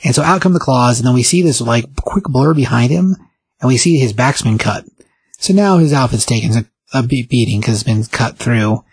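A man casually recapping and reviewing a comic book as a podcast host, rambling and animated as he quotes the characters. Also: mid-range voice, normal speed, breathy edge, no room sound.

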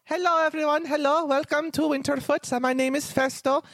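A man voicing a jolly, chubby male elf in a high, chirpy, sing-song voice. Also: fairly even intonation, a little fast, a bit bright, dry recording. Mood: cheery.

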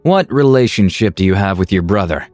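A man's voice: sits low, animated, a little fast, darkish tone, dry recording, faint music behind. A man voicing a blunt female ranger. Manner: curt, blunt. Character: blunt, sharp-tongued female ranger bodyguard.

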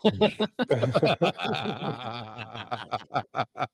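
A man's voice: medium pitch, very animated, drawn-out words, vocal fry, husky. A man co-hosting a podcast, talking in a casual, profane and mocking way. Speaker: podcast co-host. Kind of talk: casual chat.

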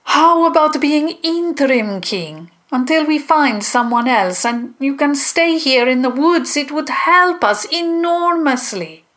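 A bossy monster council leader booms out her proclamations, voiced by a woman. The voice sits high and carries, every word weighed slowly. It sounds like a children's audio storybook. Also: expressive. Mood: commanding. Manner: loud, commanding proclamations.

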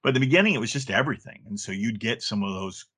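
Middle-aged male guest, low register, loose rambling delivery. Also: animated, very fast, pushed and bright, husky. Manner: rambling, many restarts and fillers. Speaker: guest, former game play counselor. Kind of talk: casual interview talk.

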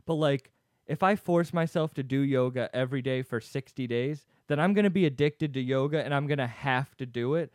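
A man's voice: medium pitch, fairly quick, a little mellow, no room sound, clean studio sound. A man hosting a self-help podcast, chatting frankly and casually with a guest, swearing and joking now and then. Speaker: podcast host.

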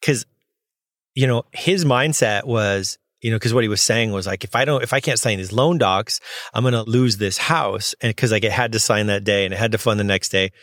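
A man who works as a notary, casually telling a personal story in an animated way and acting out both sides of the conversations. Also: fairly low pitch, moderate pace, no echo, studio quality. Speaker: notary signing agent.

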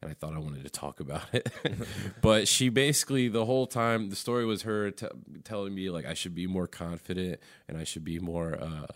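A man's voice: deep voice, a little fast, few pauses, dry recording, clean studio sound. A man chatting casually as a comedian guest, laid-back and full of fillers and chuckles. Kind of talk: casual podcast chat.

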